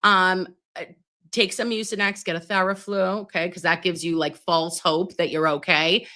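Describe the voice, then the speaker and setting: A middle-aged nurse hosting a live stream, chatting with viewers and reading their comments while she gets over pneumonia and keeps clearing her throat. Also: lowish voice, fairly even intonation, normal speed, pushed and bright. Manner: chatty, calls viewers babes, reads comments aloud. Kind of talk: casual live stream chat.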